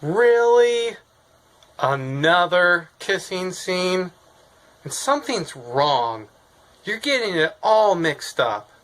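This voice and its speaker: A woman's voice: on the low side, big pitch swings, slow. A woman in an amateur fan reenactment playing a sick grandchild who complains about the story in a whiny, nitpicking way. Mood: complaining.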